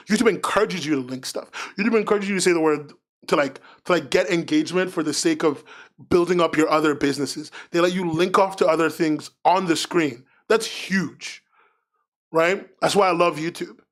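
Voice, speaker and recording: A man streaming live, chatting casually in a rambling, frank, self-mocking way. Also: a little high. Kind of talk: casual livestream chat.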